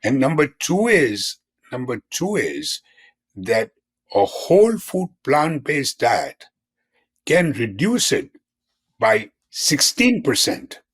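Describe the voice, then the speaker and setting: A man's voice: medium pitch, big pitch swings, slow pace, husky. An older man in his seventies, a physician guest in a conversational interview, who explains in an earnest way and repeats key terms.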